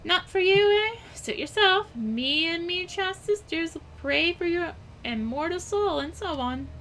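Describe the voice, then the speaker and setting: A woman's voice: very high voice, lively intonation, measured pace, pushed and bright, slight background noise, voice pushed up, full character voice. A woman voicing a sly, streetwise rogue recruiter who talks in cocky, teasing slang.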